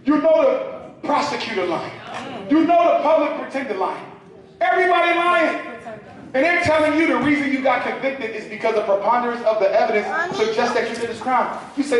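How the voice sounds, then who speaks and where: A man with a very high voice addresses a live audience a little fast, in a preacher's manner that gets the crowd responding. He's captured by a distant mic in a hall full of echo.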